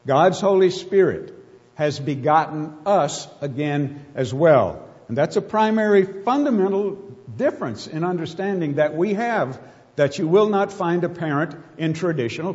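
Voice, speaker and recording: A man preaching a sermon, emphatic and full of rhetorical questions, slowing down to stress key words. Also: on the high side, expressive, darkish tone. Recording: muffled sound with long hall reverb.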